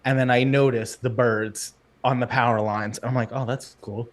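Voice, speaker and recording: A man's voice: mid-range voice, steady tone, moderate pace. Give me a laughing Brooklyn-born man. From New York City, Brooklyn. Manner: laughs often, jokey storytelling. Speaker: podcast guest. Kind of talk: casual podcast chat.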